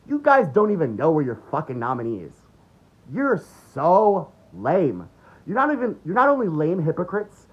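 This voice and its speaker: A man delivering an angry, mocking political rant full of swearing. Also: high-pitched. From United States. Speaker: political commentator. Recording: dull lo-fi recording.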